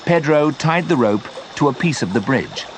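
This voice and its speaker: A man with a British accent reading a graded story aloud for English learners, clear and deliberate. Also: mid-range voice, lively intonation, slight background noise. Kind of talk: slow graded-reader narration.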